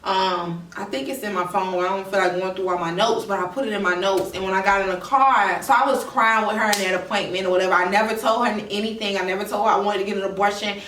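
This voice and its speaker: A woman's voice: mid-range voice, steady tone, fast, few pauses, a bit bright, slight background noise. A young woman vlogger candidly and emotionally telling a personal story to her viewers. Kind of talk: storytime vlog. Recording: echoey room, mic at a distance.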